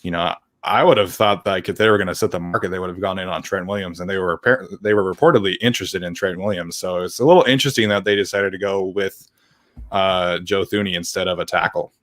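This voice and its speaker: Laid-back low-voiced man talking football. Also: fast talker, dry recording, clean studio sound. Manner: relaxed, rambling with fillers and restarts. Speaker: podcast co-host. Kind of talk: casual live-stream sports chat.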